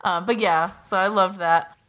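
A woman's voice: on the low side, steady tone, normal speed, fairly bright tone. A woman co-hosting a podcast, chatting casually and animatedly about an anime, swearing freely and laughing often. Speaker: podcast co-host. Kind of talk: casual chat recapping an anime.

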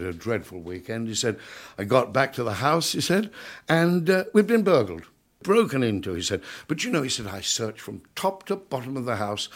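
An older man from England, a comedian telling showbiz anecdotes to an audience in a chatty, storytelling way, often chuckling and acting out other people's voices. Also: medium pitch.

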